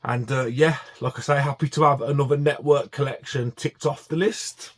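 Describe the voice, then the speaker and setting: A man's voice: medium pitch, fairly even intonation, normal speed. A man chatting casually to camera about his DVD collection, enthusiastic and full of fillers and restarts.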